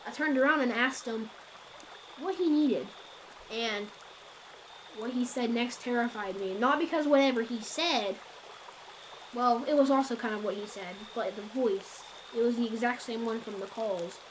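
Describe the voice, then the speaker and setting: A woman's voice: a little high, moderate pace, slight background noise. A woman casually telling a scary story in a rambling, self-correcting way.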